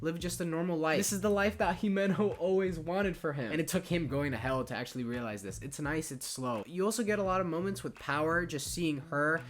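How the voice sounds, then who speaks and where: A young man reviewing a manga series in a casual, excitable, profane and rambling way. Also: a little high, brisk, few pauses, slight background noise. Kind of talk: casual video commentary.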